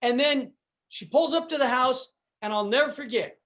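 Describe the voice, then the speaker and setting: A man guest on a podcast telling a story in a casual, animated way, acting out what people said and using lots of fillers. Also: extremely high pitch, normal speed. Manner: animated, acts out quotes, fillers.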